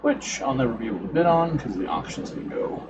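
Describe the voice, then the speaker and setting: A middle-aged man hosts a crafting livestream and chats with his viewers in an unhurried, rambling way. His pitch moves around a lot as he talks. The audio is dull, with a clear hiss of background noise behind him. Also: very animated. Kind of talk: casual chat while crafting.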